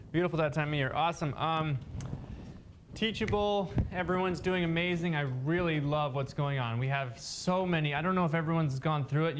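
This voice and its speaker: A man's voice: fairly high pitch, a little hiss or hum. Upbeat man leading a class. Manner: encouraging, upbeat. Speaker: class instructor.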